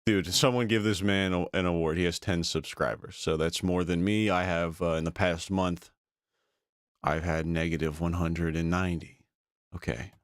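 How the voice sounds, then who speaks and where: A man's voice: low voice, steady tone, moderate pace, no room sound, studio quality. A man streaming, reacting to online videos with casual, sarcastic commentary and frequent swearing.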